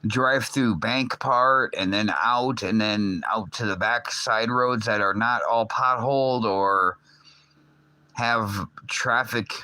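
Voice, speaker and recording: A man's voice: lowish voice, pushed and bright, dry recording. A man rambling casually on his livestream, swearing often and filling gaps with "uh" and "like". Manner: rambling, loose, swears often, many fillers. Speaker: livestream host.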